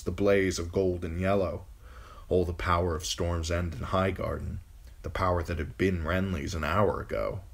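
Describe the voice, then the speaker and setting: A man with a very low voice narrating a fantasy novel as an amateur audiobook reader. His delivery is measured and steady, telling the story at an even storytelling pace.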